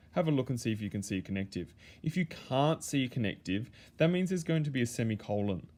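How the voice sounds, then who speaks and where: A man's voice: mid-range voice, a little mellow. A male teacher, explaining punctuation step by step and often restarting his phrases. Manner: talks students through steps, repeats and restarts phrases. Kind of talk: classroom explanation.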